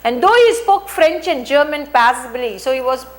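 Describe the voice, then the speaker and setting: A woman's voice: high voice, lively intonation, normal speed. A woman English teacher who reads a textbook story aloud and retells each sentence in simple words, with frequent restarts and fillers.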